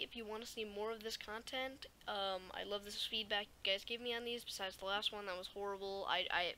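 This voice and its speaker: A teenage girl telling a school story in a rambling vlog, with lots of "like" and "okay?" and animated asides. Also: medium pitch, slight background noise, low-quality recording. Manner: rambling, animated, fillers like "like" and "right?". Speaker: YouTuber.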